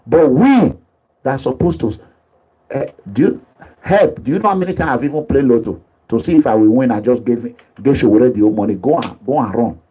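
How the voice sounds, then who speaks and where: A man's voice: mid-range voice, mellow, slightly rough, rough recording. A man with a Nigerian accent giving emphatic, repetitive, preachy commentary as a political activist. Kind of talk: impassioned commentary over video.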